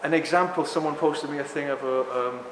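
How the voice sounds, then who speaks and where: A man in his sixties talking to a live audience in a rambling, animated way, often apologizing for ranting. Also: fairly high pitch, fast, slight background noise. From England. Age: 60s. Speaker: speaker at a talk. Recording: echoey hall with long reverb.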